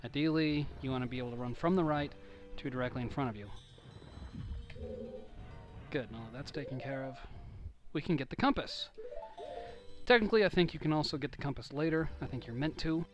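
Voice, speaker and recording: A man's voice: mid-range voice, a little fast, long pauses, highs cut off. A young man giving casual, rambling, joking commentary over a game playthrough. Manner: rambling, joking, self-deprecating. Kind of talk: casual let's-play commentary. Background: video game music.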